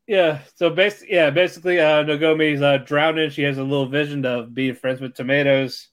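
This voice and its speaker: A man co-hosting a laid-back anime podcast who laughs a lot and stumbles over his words while retelling plot. His voice sits a little high for a man. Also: steady tone. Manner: laughing, halting recaps with restarts. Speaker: podcast co-host. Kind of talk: casual chat.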